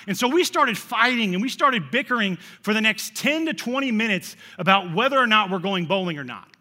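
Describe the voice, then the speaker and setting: High, bright-voiced pastor. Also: male voice, a little fast, few pauses, in a large hall. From central Illinois, USA. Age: 30s. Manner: animated, repeats words and restarts phrases. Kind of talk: sermon storytelling.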